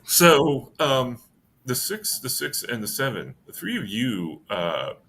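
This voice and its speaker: Bright-voiced rambling male game master. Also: medium pitch, very animated, takes it slowly, slight background noise. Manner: rambling, self-correcting narration. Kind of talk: narrating a tabletop game.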